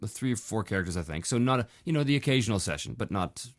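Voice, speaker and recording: A man's voice: fairly low pitch, lively intonation, fast talker, dry recording, clean studio sound. A man hosting a podcast, chatting casually and joking between listener questions. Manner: joking, playful, breaks into laughter. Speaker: podcast host. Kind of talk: casual chat, reading listener emails.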